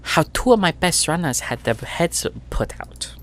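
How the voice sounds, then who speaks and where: Pushing his voice up a little high, a man plays a sweetly menacing, mean middle-aged crime boss woman at a tabletop game, giving her a nasal, rusty, syrupy sound. He takes his time, swinging his pitch widely, purring softly and threatening with small stumbles.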